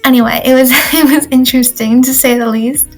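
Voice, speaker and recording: A teenage girl chats through her day for a video diary, her voice sitting a little high. She rambles and fills gaps with "like" and "um" as she goes. Faint music plays underneath her. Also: fairly even intonation, fairly quick, rough recording. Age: teens. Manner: chatty, rambling, lots of "like" and "um". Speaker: exchange student vlogger.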